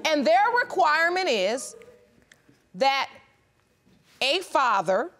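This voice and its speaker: A woman's voice: high-pitched, very animated, takes it slowly, fairly bright tone. A woman presiding as judge on a courtroom show, questioning witnesses firmly and pressing for direct answers. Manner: firm, probing, repeats questions to press for answers. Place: television courtroom set.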